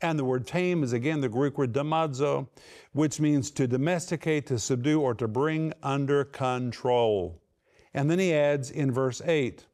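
Emphatic male preacher, higher voice. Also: darkish tone. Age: middle-aged. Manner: emphatic, slows right down on key words. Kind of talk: sermon.

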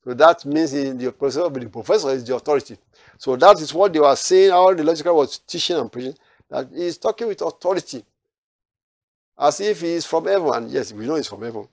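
A man preaching a sermon, repeating phrases and swinging from quiet asides to loud, emphatic declarations. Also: on the high side, expressive, fairly quick, dry recording, clean studio sound.

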